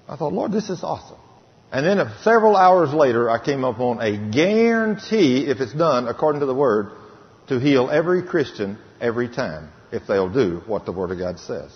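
Emphatic preacher in a hall. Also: male voice, medium pitch. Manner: emphatic storytelling, slows right down on scripture. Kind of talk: sermon testimony. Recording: dull recording in reverberant hall.

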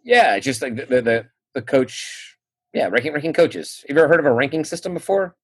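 Husky-voiced man hosting a podcast chat. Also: medium pitch, big pitch swings, a little fast, dry recording. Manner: laughs often, leads topics. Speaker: podcast host.

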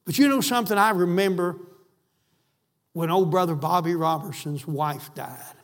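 A man's voice: sits high, moderate pace. A man preaching a sermon, fervent and emphatic, repeating phrases for stress. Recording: echoey hall.

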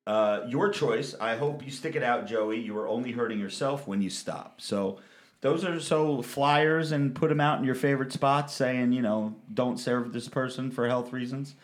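A man's voice: medium pitch, normal speed. A man hosting a podcast, telling crude stories in loose, profane banter and reading listener questions aloud. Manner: loose, profane, laughs often.

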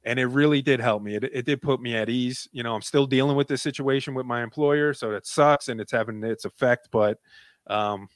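A man's voice: medium pitch, brisk, dry recording. Earnest man in his thirties. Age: 30s. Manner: earnest, rambling, many fillers. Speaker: guest. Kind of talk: emotional personal story, casual.

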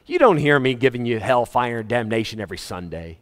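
A man preaching a sermon to his congregation, emphatic and animated, with joking asides. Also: mid-range voice, brisk. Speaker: pastor. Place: church hall. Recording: reverberant church hall.

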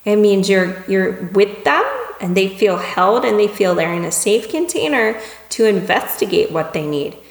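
A woman teaches in a casual, conversational way, often checking in with her listeners. Her voice rings through a roomy space with a long, trailing reverb. Her pitch sits in the middle for a woman. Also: normal speed. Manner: acts out little dialogues in lively voices. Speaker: communication teacher. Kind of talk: spoken lesson on empathetic listening. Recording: echoey room with long reverb.

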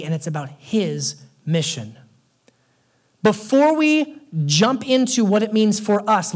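A young man preaching a sermon as pastor, telling stories in a conversational way and dropping low and quiet for emphasis.

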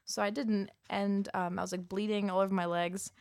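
A woman's voice: mid-range voice, level tone, normal speed, creaky, a little mellow, dry recording, studio quality. A young woman telling a friend a long story in casual chat, rambling with lots of fillers. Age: young adult. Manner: rambling, many fillers, acts out quoted voices.

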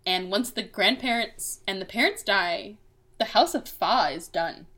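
A woman hosting a podcast in casual chat, sarcastic and animated, acting out characters in silly voices. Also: mid-range voice, a little slow. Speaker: podcast host.

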